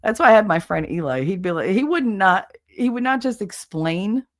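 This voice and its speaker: A woman in her forties hosts a livestream, chatting casually with viewers and candidly sharing crude stories while laughing often. Her mid-range voice is expressive and moves at a moderate pace.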